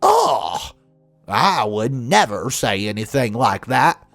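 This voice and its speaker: A screeching, hostile middle-aged woman with a thick, high-pitched Southern drawl, as a male storyteller puts her on. She swoops up and down as she confronts someone. The sound is dry and close. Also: big pitch swings, takes it slowly, vocal fry, fairly bright tone, no room sound, soft background music, full character voice. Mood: indignant.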